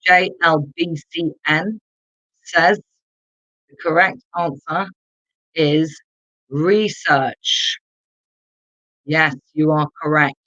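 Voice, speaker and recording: A very slow, deliberate English teacher leads a live online lesson. Key words are said twice for learners to repeat, and viewers in the chat are called on by name. The sound is dry and a little dull, like a lo-fi stream. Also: mid-range voice, steady tone, pushed and bright, dry recording. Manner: addresses viewers in the chat directly.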